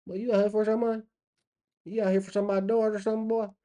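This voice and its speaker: A man's voice: sits high, little pitch movement, very fast, warm tone, voice pushed up, lightly acted. A man voicing a hostile rural country man who questions a stranger with a drawl, repeating "boy". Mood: suspicious.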